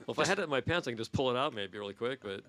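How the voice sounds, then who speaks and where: A man in his sixties hosting a podcast, telling crude stories quickly and laughing between lines. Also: medium pitch, expressive, a crowd in the background. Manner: fast, crude, laughing anecdotes. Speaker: podcast host. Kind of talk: raunchy casual storytelling.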